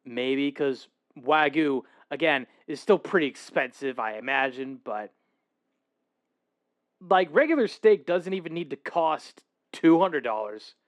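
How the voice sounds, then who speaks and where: A man's voice: fairly high pitch, animated, a little slow. A man streaming casually for his viewers, rambling, correcting himself and laughing as he reacts to a video.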